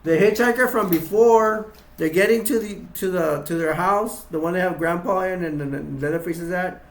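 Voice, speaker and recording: A man's voice: high-pitched, moderate pace, roomy sound. A man casually retelling a horror film scene by scene, rambling with restarts and acting out quotes in a raised voice. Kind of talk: casual acted-out retelling with toys.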